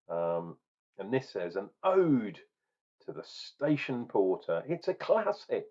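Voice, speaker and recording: A man's voice: medium pitch, sing-song, measured pace, darkish tone, muffled recording. A chatty middle-aged man from England reviewing a beer, rambling and joking in a casual tasting vlog. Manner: chatty, jokey, rambling asides.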